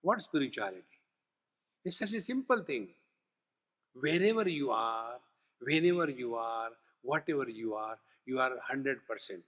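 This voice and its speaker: A man's voice: mid-range voice, animated, normal speed, a bit bright. A man giving a spiritual discourse as a swami, emphatic and repetitive, with humorous stories. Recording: long hall reverb.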